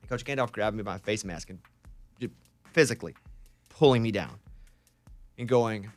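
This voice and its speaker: A man hosting a casual morning radio show, telling animated stories and acting out shouted quotes. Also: fairly high pitch, moderate pace, pauses often, no echo, soft background music. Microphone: studio microphone.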